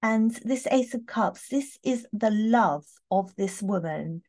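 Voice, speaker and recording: A woman chatting warmly through a tarot reading, heartfelt, with many fillers and restarts. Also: mid-range voice, expressive, slow pace. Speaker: tarot reader. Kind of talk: casual tarot reading talk.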